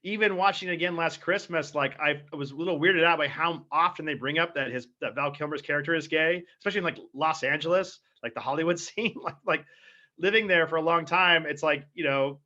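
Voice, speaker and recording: A man's voice: fairly high pitch, a little fast, pushed and bright. A man co-hosting a podcast in casual chat, rambling with lots of fillers and laughing often. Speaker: podcast co-host. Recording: dull lo-fi podcast audio.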